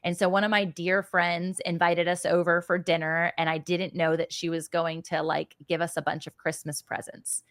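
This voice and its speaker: A woman's voice: on the low side, little pitch movement, normal speed, few pauses, dry recording, studio quality. Earnest, emotional woman telling a story. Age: adult with children. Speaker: podcast guest. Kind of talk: heartfelt storytelling in casual chat.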